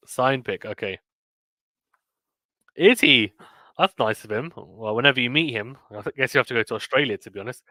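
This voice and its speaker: A man with a British accent hosting a live tennis play-by-play stream, chatting casually and reading viewer comments between points, then calling each point with rising excitement. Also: mid-range voice, moderate pace, pauses often, no echo.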